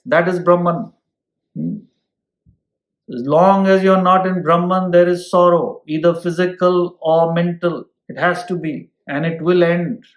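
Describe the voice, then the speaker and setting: A man teaching an ancient scripture at an unhurried pace, stopping to ask his listeners "hmm?" and reaching for everyday examples. His voice sits a little high for a man. The room gives it a noticeable echo. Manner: explains with homely examples and asks listeners "hmm?". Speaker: spiritual teacher. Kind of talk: scripture lecture.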